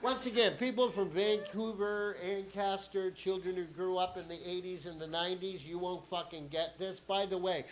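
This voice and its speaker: A man's voice: high voice, poor audio. Profane man doing stand-up. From Canada. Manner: profane, swings between quiet asides and sudden shouts; acts out family members in quick voices. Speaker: comedian and cartoonist. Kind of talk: stand-up comedy with a drawing lesson. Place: theatre stage with a live audience.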